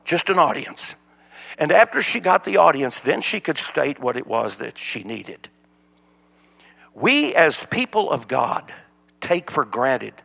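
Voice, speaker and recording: A man's voice: on the high side, gravelly. An older man, preaching a sermon as a guest speaker, telling folksy stories. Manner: folksy storytelling, animated. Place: church sanctuary. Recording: church hall reverb.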